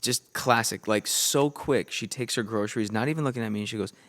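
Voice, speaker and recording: A young man from Minnesota, a podcast guest, telling earnest, lively faith stories in casual chat and acting out the voices of the people in them. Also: fairly low pitch, brisk. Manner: lively, acts out voices in his anecdotes, earnest. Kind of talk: animated storytelling in casual chat.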